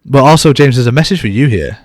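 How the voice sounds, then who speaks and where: A man's voice: mid-range voice, animated, fast, no echo, studio quality. A man co-hosting a podcast, chatting casually in a bantering, self-deprecating way. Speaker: podcast co-host.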